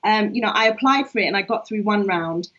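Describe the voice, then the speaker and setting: A woman's voice: mid-range voice, a little fast, a bit bright. Chatty woman on a dull call. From England. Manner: reflective, chatty, laughs often, many fillers. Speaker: poet and co-host. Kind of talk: casual online conversation. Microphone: video call. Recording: dull lo-fi online stream.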